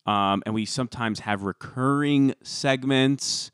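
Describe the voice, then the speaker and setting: A man hosts a casual podcast in a relaxed, gossipy way, reading out quotes between his own asides. His voice is recorded dry and close, with no room sound. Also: medium pitch, measured pace, few pauses, smooth, dry recording. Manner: chatty, gossipy, reads quotes aloud. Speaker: podcast co-host. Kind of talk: casual chat.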